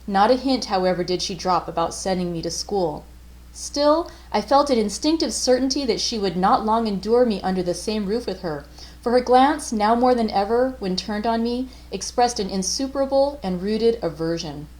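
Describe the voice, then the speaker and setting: A woman, a librarian host, reading a classic novel aloud in measured, unhurried first-person narration. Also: medium pitch, a little mellow, low-quality recording.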